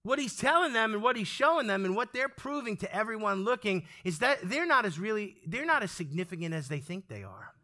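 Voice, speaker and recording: A pastor preaching to his congregation in a high, bright voice. He is lively and animated, calls out for amens and acts out quoted speech as he goes. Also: brisk, hardly any pauses. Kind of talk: sermon. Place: church sanctuary with congregation.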